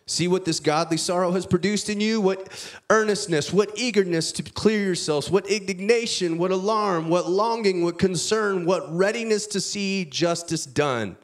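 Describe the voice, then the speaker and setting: A man preaching a sermon, reading scripture aloud, with big swings between loud, lifted passages and quiet, low asides. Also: moderate pace. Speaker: pastor.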